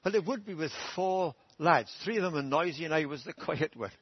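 A man's voice: on the high side, animated, a little fast, husky. A middle-aged man preaching a sermon through humorous, self-deprecating family stories. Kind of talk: storytelling sermon. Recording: dull dry church sermon recording.

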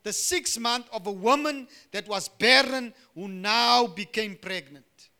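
Middle-aged male pastor with a very high, piercing voice, preaching with loud and hushed swings. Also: measured pace. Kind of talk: sermon.

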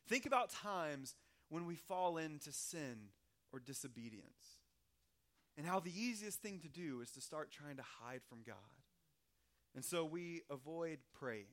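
High-voiced male pastor, conversational sermon. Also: a bit bright. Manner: conversational, humorous storytelling.

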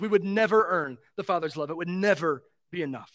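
A man's voice: high-pitched, fairly quick, hardly any pauses. A man preaching a sermon as pastor, earnest and emphatic, repeating key phrases and asking rhetorical questions.

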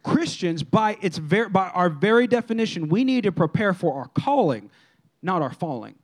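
A man preaching a sermon as pastor, in a lively, conversational style that acts out quotes from people. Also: sits high, moderate pace.

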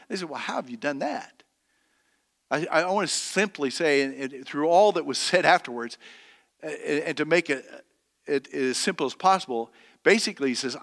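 A male pastor with a voice pitched a little above the usual preaches a sermon. He reads scripture aloud slowly and with weight, then explains it in loose, conversational talk full of restarts. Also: animated, fairly bright tone, big-room sound. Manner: preaching with slow emphatic scripture reading and many restarts.

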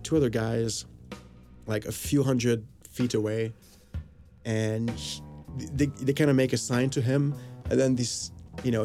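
A man recounts a personal story in a loose, rambling way, filling it with fillers and acted-out bits of dialogue. His voice is gravelly and mellow, sitting at an ordinary pitch. Faint music plays underneath. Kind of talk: casual anecdote. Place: Los Angeles area.

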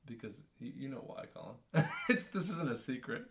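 A man's voice: medium pitch, sing-song, moderate pace, a little hiss or hum. A man guesting on a podcast in casual chat, wry and joking.

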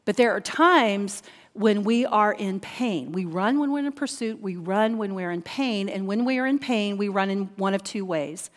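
A woman preaching a sermon, reading scripture aloud and then teaching from it, earnest and fond of repeating key phrases. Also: mid-range voice. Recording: long hall reverb.

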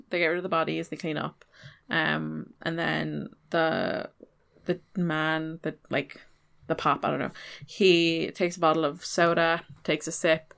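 A woman's voice: low-pitched, vocal fry, fairly bright tone. A woman in casual conversation reviewing a film, chatty and sarcastic, questioning its logic.

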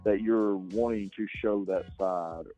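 A man's voice: fairly low pitch, steady tone, a little slow, warm tone, soft background music. A male actor being interviewed, speaking casually and hesitantly, with many ums and restarts. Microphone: radio show microphone. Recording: dull, lo-fi sound.

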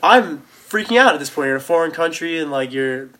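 A man's voice: fairly high pitch, animated, brisk, a crowd in the background. A man in his twenties, a band member, telling tour stories in a rambling, casual way, full of slang and restarts. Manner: rambling, lots of fillers and restarts, loose slang. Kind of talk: casual storytelling chat.

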